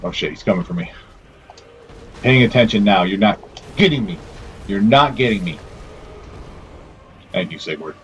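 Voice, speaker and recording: Deep-voiced man swearing through gameplay. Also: lively intonation, normal speed, long pauses, a bit bright, highs cut off, a little hiss or hum. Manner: swearing, self-scolding and talking to the game's characters. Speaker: gameplay commentator. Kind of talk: let's play commentary.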